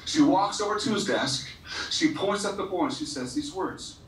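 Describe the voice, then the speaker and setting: Picked up from a distance in an echoey school hall, this man's voice sits high and sounds expressive at a moderate pace, with slight background noise. He's a motivational speaker at a school assembly, sharing heartfelt stories with students. When emotion takes over, he stumbles and repeats himself.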